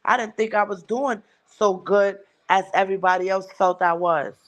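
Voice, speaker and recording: A woman's voice: mid-range voice, fairly even intonation, normal speed. Blunt, swearing woman. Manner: blunt, heavy swearing, emphatic. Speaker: livestream host. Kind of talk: casual chat.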